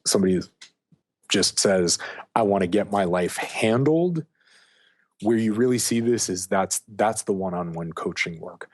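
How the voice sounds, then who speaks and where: A man guest on an interview, a coach speaking casually and emphatically with lots of fillers. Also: sits low. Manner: emphatic, storytelling, heavy on fillers like "like". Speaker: guest, dating and sex coach.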